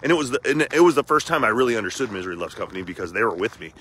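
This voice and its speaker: A man, talking candidly and with feeling in a casual video diary recorded outdoors in the cold, with rough language. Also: on the low side, very fast, a bit bright, a little hiss or hum. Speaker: vlogger.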